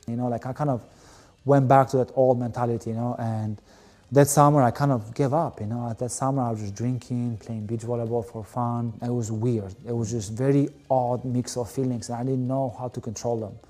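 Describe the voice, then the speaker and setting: A man's voice: mid-range voice, fairly even intonation, fairly quick, warm tone. A man, telling his story as a guest in an interview, candid and rambling with many fillers. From Albania. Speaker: guest, volleyball player. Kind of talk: emotional personal storytelling.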